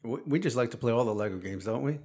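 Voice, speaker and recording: Fast and expressive, with a mid-range, slightly mellow voice, a forties-aged dad hosts a casual podcast. He quizzes his young son playfully, teasing him and laughing frequently.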